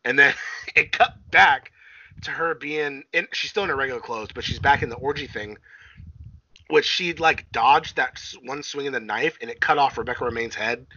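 A man co-hosting a podcast, retelling a movie plot in casual, rambling chat full of fillers and swearing, bouncing his pitch up when he quotes the characters. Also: normal speed, pushed and bright, no room sound, dull audio. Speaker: podcast co-host.

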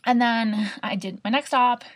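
A young adult woman hosting a podcast, telling a personal story in a chatty, expressive way with casual swearing. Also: a little high, normal speed. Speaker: podcast host.

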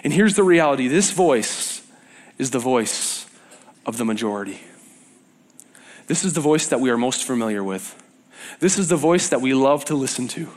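This young man speaks at a medium pitch and a moderate pace, pausing often as he delivers a sermon to a youth group. His storytelling is lively, and he performs the voices of those he quotes.

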